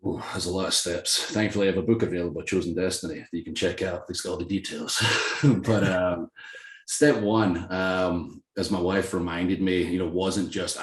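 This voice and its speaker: A man with a Scottish accent, talking casually as an interview guest, telling animated self-deprecating stories and laughing often. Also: low-pitched, normal speed, roomy sound. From Scotland. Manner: animated, self-deprecating storyteller who laughs often and acts out quoted voices. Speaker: guest, professional wrestler.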